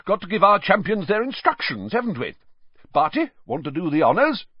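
A man voicing an excitable, jovial male official who talks in a hearty, bouncy way, on slightly dull audio. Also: lowish voice, measured pace, husky, no room sound, full character voice.

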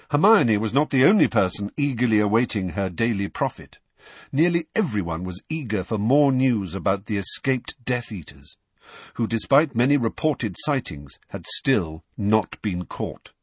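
Male audiobook narrator, expressive, husky, dry close sound. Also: fairly low pitch, no echo. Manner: expressive, storytelling. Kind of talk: scripted narration.

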